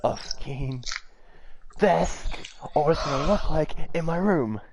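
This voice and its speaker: A man's voice: a little high, animated, measured pace, noisy background. A young man chatting casually with friends, throwing in wry comebacks and laughing often. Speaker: friend in group chat.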